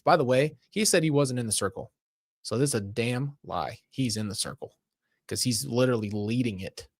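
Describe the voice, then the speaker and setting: A man reads an interactive story to his stream, stopping often to laugh and grumble about it in an exasperated way. He speaks at a middling pitch. He is recorded close to the mic in a dry room. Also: normal speed, dry recording. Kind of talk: reading an interactive story aloud with commentary.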